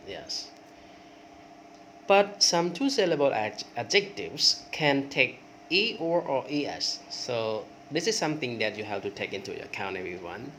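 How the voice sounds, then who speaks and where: Speaking at a medium pitch, a little slowly and with a sharp tone, this very animated man runs an English grammar lesson. A native Khmer speaker, he repeats word forms in drills, rises on examples and says "okay" again and again. A little hiss or hum can be heard.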